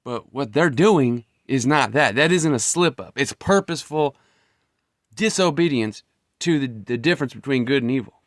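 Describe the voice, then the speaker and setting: A man's voice: mid-range voice, animated, normal speed, no room sound, clean studio sound. A man giving a blunt, profane, heated monologue as a vlogger. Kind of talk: ranting monologue.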